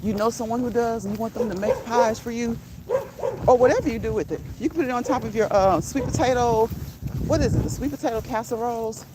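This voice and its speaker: A vlogger who grew up in the northern United States chats casually on a rural walk outdoors, her voice a little high and her pace quick. The recording is very noisy, and she laughs often and playfully repeats words.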